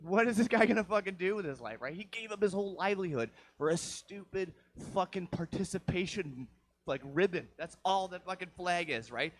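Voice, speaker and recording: A man's voice: sits high, lively intonation, a little fast. Profane rambling stand-up man. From Vancouver area, Canada. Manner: crude, profane, rambling with frequent "right?". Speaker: stand-up comedian. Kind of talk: stand-up set. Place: comedy show stage.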